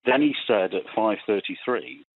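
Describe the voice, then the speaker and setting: Low-voiced male caller on a phone line. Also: very animated, normal speed, husky, no room sound. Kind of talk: phone-in call.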